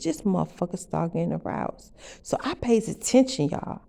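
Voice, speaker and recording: A woman with a fairly low voice tells a wild first-person story for her vlog. She is brash and profane, punching the story with loud bursts. She keeps turning aside to talk straight to her viewers. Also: very animated, normal speed, gravelly.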